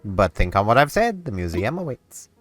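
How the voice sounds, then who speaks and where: A man voicing a fussy, excitable male owl who runs a museum, speaking in pompous, flowery, old-fashioned phrases with gushing exclamations. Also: fairly low pitch, moderate pace, over music.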